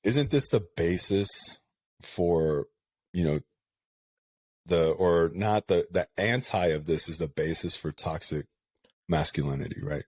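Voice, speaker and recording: Low-voiced candid male co-host. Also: measured pace, dry recording, clean studio sound. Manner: candid, animated storyteller, rambling with many asides. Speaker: podcast co-host. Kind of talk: casual chat.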